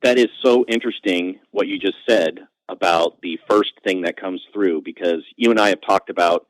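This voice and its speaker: A man, a comedian guest on a podcast, telling self-mocking anecdotes in a lively conversational way. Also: no echo, rough recording. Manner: animated, self-mocking anecdotes with quick pitch jumps. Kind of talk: conversational storytelling.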